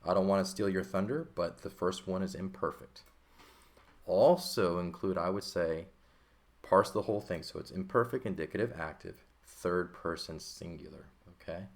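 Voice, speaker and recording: Very deep-voiced man teaching a lesson. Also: moderate pace. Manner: patient, explanatory, checks in with "okay" and "right". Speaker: Greek teacher. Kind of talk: recorded textbook lesson.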